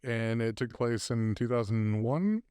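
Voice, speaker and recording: A man's voice: medium pitch, animated, measured pace, dark tone, smooth, no room sound, studio quality. A man co-hosting a podcast, dropping in short questions and remarks during a casual chat.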